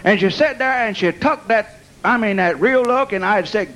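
A man's voice: high voice, brisk, poor audio. A man preaching a sermon, telling a testimony and peppering it with amen and bless God. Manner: animated testimony, laughing at his own story. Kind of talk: storytelling sermon.

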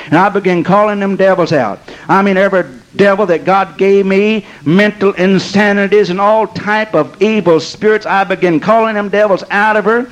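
An older man preaching a sermon, telling stories in a folksy, emphatic way and drawing out key phrases slowly. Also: high-pitched, fairly even intonation, muffled recording. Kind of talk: sermon with storytelling.

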